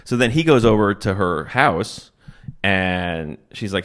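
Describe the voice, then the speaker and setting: A middle-aged man, a stand-up comedian, retelling a movie plot to a friend in a crude, animated way and acting out the characters' lines. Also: deep voice, slow pace. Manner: crude, animated storytelling with acted-out quotes. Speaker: stand-up comedian and podcast host.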